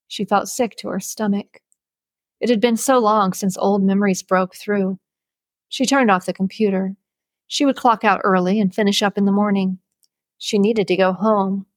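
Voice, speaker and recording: In a dry recording, a woman's mid-range voice reads an audiobook novel. Her narration is steady and measured, in a storybook style.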